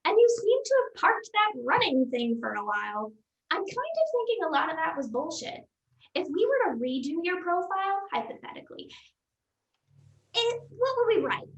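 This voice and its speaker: A woman reading short comic prose aloud at a library storytime, with a wry, expressive delivery. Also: extremely high pitch, moderate pace. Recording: roomy echo.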